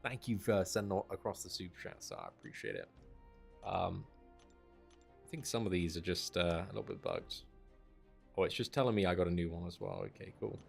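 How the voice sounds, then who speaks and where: A man's voice: sits low, animated, brisk, creaky, soft background music. A man casually commenting on a game he is playing live, chatty and self-deprecating. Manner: chatty, self-deprecating, says mate and dude a lot. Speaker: game streamer.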